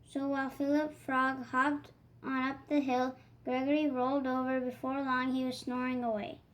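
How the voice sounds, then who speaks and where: A woman reading a children's picture book aloud in a gentle, expressive way. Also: sits high, moderate pace, rough recording. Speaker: storybook reader. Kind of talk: children's read-aloud narration.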